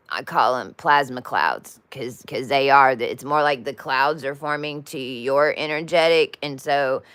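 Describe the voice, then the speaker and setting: A woman's voice: deep voice, fairly bright tone, clear, resonant tone, no echo. A woman telling a spiritual story in a casual, rambling way with many restarts and asides. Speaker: spiritual vlogger.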